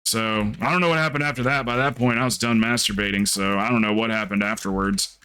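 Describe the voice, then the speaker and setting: A man's voice: lowish voice, steady tone, fast, pushed and bright, clean tone. A young man livestreaming, chatting casually and rambling through a story while acting out the people in it. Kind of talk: casual stream chat.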